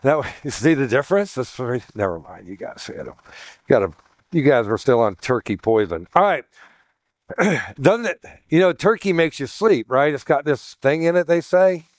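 A pastor in a sermon, teaching in a chatty way, with joking asides and questions for the congregation. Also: male voice, medium pitch, big pitch swings, moderate pace, no echo, clean studio sound. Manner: chatty, jokey asides, asks the room questions.

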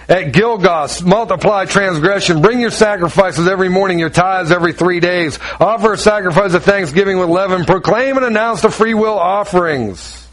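A man with a high voice preaches a sermon with emphatic, repetitive phrasing. He breaks off into quick asides to his listeners. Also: a bit bright. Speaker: pastor.

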